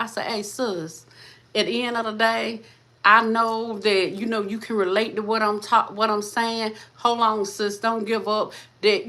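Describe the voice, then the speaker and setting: A woman's voice: mid-range voice, a bit bright. A woman hosting a faith-based motivational talk, speaking fervently, repeating her lines and calling listeners "sis" and "baby". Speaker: host of a motivational channel.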